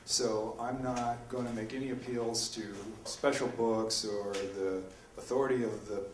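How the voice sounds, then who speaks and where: Professor type, male, mid-pitched, lecturing with fillers; distant mic, roomy hall. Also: measured pace, slight background noise. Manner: lecturing, animated, with many ums and uhs. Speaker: philosophy professor in a debate. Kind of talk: public debate presentation. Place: university lecture room. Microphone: distant from the microphone. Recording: echoey room recorded from afar.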